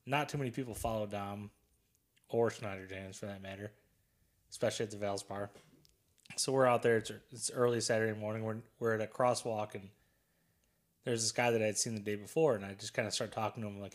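Low-voiced man telling a rambling story. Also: steady tone, fairly quick. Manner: rambling storyteller who laughs often. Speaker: podcast co-host. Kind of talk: casual chat.

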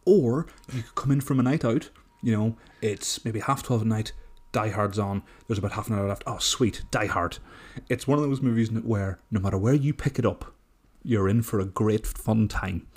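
Husky-voiced man in playful podcast banter. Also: lowish voice, normal speed, hardly any pauses. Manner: animated, jokey, defensive. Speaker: podcast co-host. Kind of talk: casual chat.

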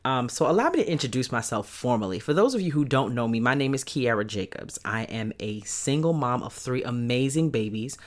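A woman's voice: extremely low pitch, brisk, hardly any pauses. A woman in her thirties from Brooklyn with a New York accent, hosting a casual solo podcast in an upbeat, chatty way. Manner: upbeat and chatty, with loud excited peaks. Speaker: podcast host.

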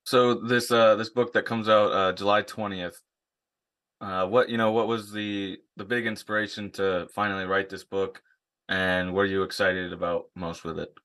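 Very deep, flat-voiced male host. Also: moderate pace. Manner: supportive, reflective. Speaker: podcast host. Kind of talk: casual interview chat.

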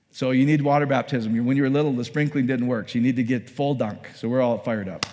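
A man's voice: medium pitch, quick pace, hardly any pauses. A man preaching a sermon in a conversational, storytelling way, acting out little scenes as he goes. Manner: conversational, animated storytelling with acted-out asides. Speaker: pastor. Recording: echoey hall.

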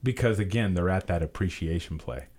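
A man's voice: sits low, a little fast, darkish tone. A man co-hosting a podcast, chatting casually and explaining his views at length. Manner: easygoing, explains at length, asks questions. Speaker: podcast co-host. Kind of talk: casual chat.

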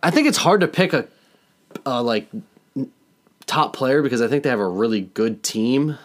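A man talks in an easygoing, relaxed way as a podcast co-host. He keeps the talk moving from one pick to the next. His voice sits at an ordinary, middle pitch. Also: moderate pace. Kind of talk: casual sports podcast chat.

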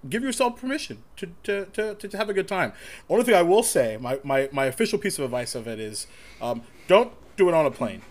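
A man chatting on a tabletop gaming panel, his voice pitched a bit high. He talks in an animated, joking way and often repeats his words as he goes. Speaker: podcast guest, tabletop player. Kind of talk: casual panel discussion.

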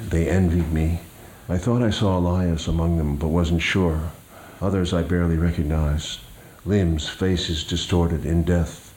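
An older man, a guest, reading from his memoir and talking in a slow, measured, hesitant way. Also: low voice, dark tone.

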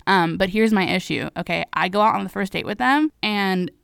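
A young woman co-hosting a podcast in casual chat, self-deprecating and quick to laugh. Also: medium pitch, gravelly, a bit bright, smooth, no room sound, studio quality. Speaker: podcast co-host.

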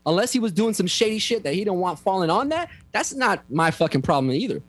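A man's voice: high voice, very animated, quick pace, no echo. A man talks in a slightly raised voice, emphatic and heavy on swearing. He slips into quoted voices as he tells a story. The sound is dry and close. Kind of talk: casual profane chat.

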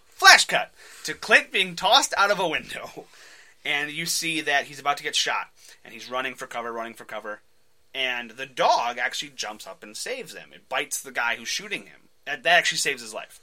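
Male podcast host, lively storyteller, very bright tone. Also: medium pitch, brisk. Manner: animated, acts out voices, laughs often. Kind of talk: casual podcast chat, retelling a comic.

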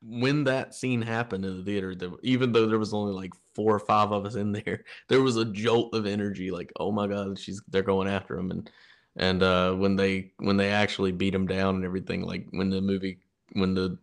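A man co-hosting a podcast talks about movies in a casual, rambling, enthusiastic way, often restarting his sentences. His voice is low and brisk, with a flat delivery.

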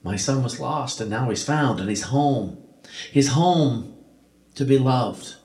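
A man's voice: medium pitch, expressive, takes it slowly, a little mellow. A man doing an overjoyed, exclaiming father. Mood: joyful. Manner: exclaiming, effusive. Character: loving father, overjoyed at his son's return. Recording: roomy echo.

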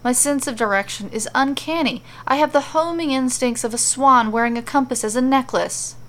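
A woman voicing an excitable, scatterbrained male wrestler hero who talks eagerly in a goofy way. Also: high-pitched, normal speed, voice pushed up, lightly acted. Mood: breezy.

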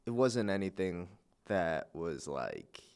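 Laid-back young guy, low voice, swearing casually. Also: very animated, slow, gravelly, a little mellow, clean tone. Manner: laid-back, swears freely, lots of "like" and "dude". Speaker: podcast co-host. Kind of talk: casual chat.

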